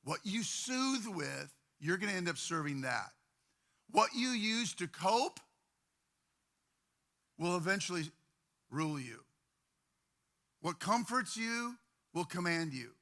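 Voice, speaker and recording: A man preaching a sermon as pastor, talking in a conversational, animated way with repeated words. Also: high voice, slow, pauses often.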